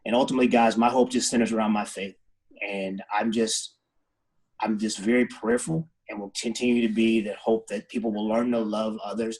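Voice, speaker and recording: A man giving heartfelt, halting closing remarks on a video call, close to tears. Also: fairly low pitch, a little mellow, husky, poor audio. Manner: heartfelt, halting, faith-centered. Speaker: head coach.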